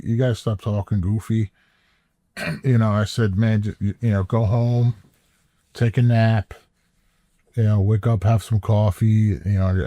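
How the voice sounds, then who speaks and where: A man's voice: fairly low pitch, warm tone, no room sound, studio quality. A man co-hosting a podcast, telling a personal story in a laid-back drawl that stammers and repeats words. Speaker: podcast co-host. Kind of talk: casual storytelling chat.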